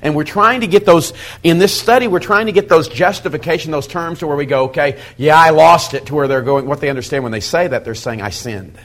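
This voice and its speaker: Folksy, animated middle-aged male preacher. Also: fairly high pitch, fast talker, hardly any pauses. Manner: folksy, animated storytelling with quoted asides. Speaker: pastor teaching a Bible study method. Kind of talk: sermon-style teaching talk.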